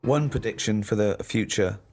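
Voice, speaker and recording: A man's voice: on the low side, moderate pace, a little mellow. A man chatting on a comedy podcast, teasing and asking probing questions. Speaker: podcast co-host. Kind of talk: casual comedic chat.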